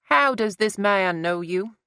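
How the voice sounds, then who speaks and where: A woman's voice: mid-range voice, expressive, slow pace, bright, forceful tone, smooth, no echo, studio quality, voice pushed up, full character voice. A woman voicing a stern, suspicious middle-aged mother in an audiobook. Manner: probing, stern.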